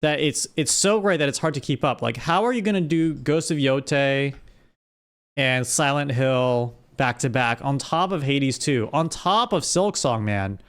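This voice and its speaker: A young man streaming live, chatting casually with his viewers while gaming, animated and rambling with restarts. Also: mid-range voice, a little slow. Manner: animated, talks straight to chat, rambling with restarts.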